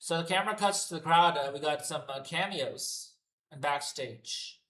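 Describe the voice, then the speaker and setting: A man's voice: a little high, normal speed, fairly bright tone, roomy sound. A man giving an unscripted, profane and exasperated solo rant reviewing a wrestling show.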